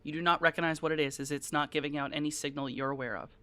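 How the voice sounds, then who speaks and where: Bright, crisp-voiced game master. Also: mid-range voice, steady tone, racing, dry recording. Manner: rambling, filler-heavy, conversational. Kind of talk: describing scenes for players.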